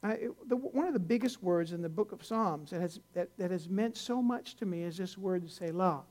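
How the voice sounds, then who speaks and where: A man's voice: high-pitched, normal speed, darkish tone. An older man, a pastor, preaching a conversational sermon in a folksy, rambling way, with many restarts, rising to earnest emphasis.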